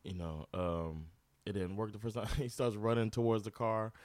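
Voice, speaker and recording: A man's voice: fairly low pitch, moderate pace, a little mellow, dry recording. A man, a guest telling a story in casual talk, laughing often and putting on voices for the people he quotes.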